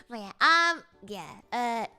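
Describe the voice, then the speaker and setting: A woman's voice: fairly high pitch, pushed and bright, smooth. A young woman chatting casually as a streamer, rambling through a story with lots of fillers and giggles.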